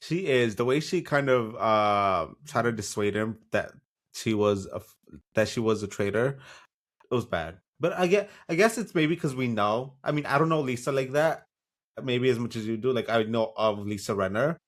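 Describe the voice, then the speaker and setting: A man's voice: medium pitch, lively intonation, moderate pace. A man co-hosting a podcast in casual recap chat, blunt and sassy with some swearing. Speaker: podcast co-host.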